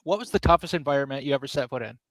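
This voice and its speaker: A man's voice: mid-range voice, animated, very fast, a bit bright, no echo. Casual male podcast host, dry sound. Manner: casual, stammers before questions. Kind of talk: interview questions.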